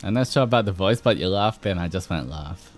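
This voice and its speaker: A man's voice: deep voice, lively intonation, a little fast, soft background music. A man with an Australian accent chatting casually with viewers on a stream, playful and laughing often.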